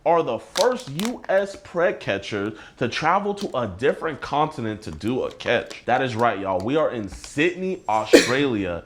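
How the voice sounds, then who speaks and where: A man from the United States confronting someone on camera, talking in a calm, coaxing way and repeating reassurances. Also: medium pitch, normal speed, hardly any pauses. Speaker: predator-catching vlogger.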